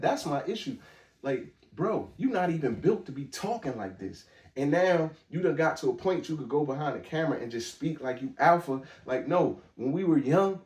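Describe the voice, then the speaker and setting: Blunt and emphatic, a podcast host riffs through a casual commentary monologue with frequent restarts, using street-style speech. His mid-range voice is a bit mellow, and he's far from the mic in an echoey space.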